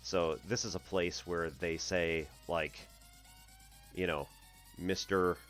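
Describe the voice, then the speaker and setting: Slow, deep-voiced man rambling between laughs. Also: fairly bright tone. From US Northeast. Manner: rambling, laughs often, clears throat. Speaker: math stream host. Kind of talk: casual livestream chat.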